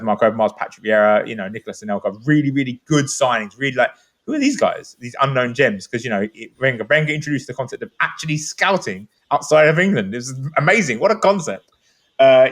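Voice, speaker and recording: A man's voice: medium pitch, fairly bright tone. A man talking football on a podcast in a rambling, enthusiastic, casual way. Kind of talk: animated casual chat.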